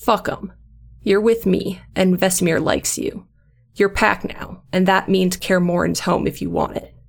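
A woman's voice: lowish voice, steady tone, a little slow, gravelly. A woman voicing a grumpy, protective male monster hunter who curses constantly and talks bluntly. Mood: fierce.

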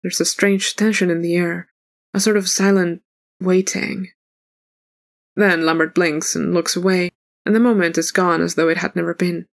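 A woman reading fan fiction aloud in an even, unhurried narrating voice. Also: on the low side, vocal fry. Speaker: audiobook reader.

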